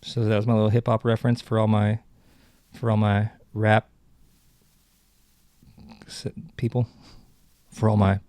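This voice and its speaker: A man's voice: lowish voice, level tone, measured pace, pauses often, darkish tone, no room sound. A man hosting a podcast, chatting casually and rambling with many restarts. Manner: rambling, self-correcting. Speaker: podcast host. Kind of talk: casual solo chat.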